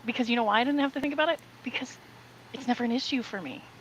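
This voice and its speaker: A woman in casual podcast chat, telling a personal story in an animated way, laughing often and acting out what people said. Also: fairly high pitch, racing, lo-fi sound, slight background noise. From Southern California. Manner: animated, laughs often, acts out quoted voices. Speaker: podcast co-host.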